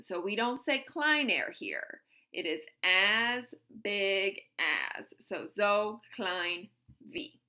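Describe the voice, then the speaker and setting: A woman teaching a grammar lesson, walking through one example after another in a patient way. Her voice is bright and forward, and she speaks at an unhurried, deliberate pace. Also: medium pitch. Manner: patient, explains step by step with examples. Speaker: German teacher.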